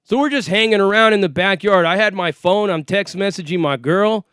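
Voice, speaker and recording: A man's voice: sits high, fairly quick, fairly bright tone, smooth, no echo, clean studio sound. A man telling a story in casual, profane first-person speech, acting out the quoted voices as he goes. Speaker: storyteller recounting an arrest.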